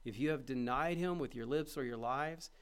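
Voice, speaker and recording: Speaking at normal speed in a smooth, mid-range voice, a man preaches and directly questions his congregation. His delivery rises from hushed reflection to loud, fervent appeals.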